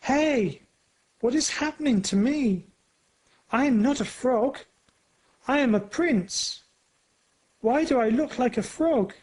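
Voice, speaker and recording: A storyteller voicing a young boy who has turned into a frog prince, crying out in alarm in a slow read-aloud storybook. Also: mid-range voice, expressive, a little mellow, pitched above the performer's own voice, rough recording.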